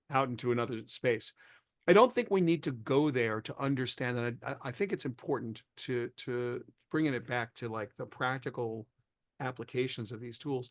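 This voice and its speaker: This medium-pitched male voice comes through clean studio audio with no room sound. As a tech expert guest in an interview, he explains technology conversationally using everyday examples, rambling and correcting himself as he restarts sentences.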